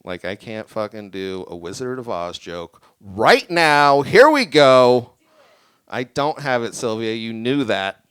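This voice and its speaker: A young man doing a stand-up set in a small venue, rambling and deadpan, a bit tipsy. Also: on the low side, unhurried, smooth, dry recording. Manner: deadpan, rambling, self-deprecating. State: tipsy from drinking. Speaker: stand-up comic. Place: small creative community venue with live audience.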